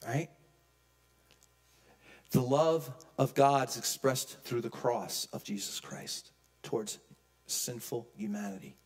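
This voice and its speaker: A man preaching a sermon as pastor, emphatic, swinging from loud peaks to hushed low lines. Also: slow, pauses often. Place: church.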